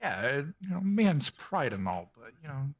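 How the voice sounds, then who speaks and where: A man's voice: mid-range voice, very animated, moderate pace. A man playing a tabletop game who describes his character in a rambling way full of fillers. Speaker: player. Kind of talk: casual in-character play.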